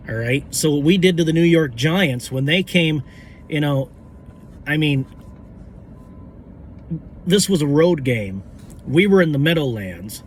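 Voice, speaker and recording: A man ranting to camera as a football fan, brash and swearing, with a hoarse voice that is giving out. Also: on the high side, a little hiss or hum. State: hoarse, voice going out. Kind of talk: profane fan rant to camera.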